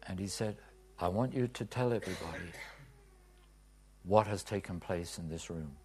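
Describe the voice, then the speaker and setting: A man preaching a testimony in a sermon, swinging from hushed whispers to loud cries. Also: deep voice, normal speed, slight background noise. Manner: dramatic swings from whispers to shouts.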